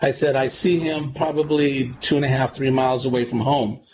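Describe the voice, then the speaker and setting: A man, a psychic medium guest on a radio interview, telling stories in a relaxed, rambling way and repeating himself. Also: medium pitch, moderate pace. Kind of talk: conversational radio interview storytelling. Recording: dull lo-fi sound with clear background noise.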